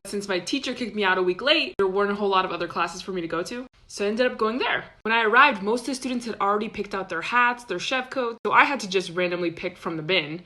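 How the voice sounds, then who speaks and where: A woman's voice: medium pitch, bright, forceful tone. A woman chatting casually through a storytime, animatedly acting out what other people said.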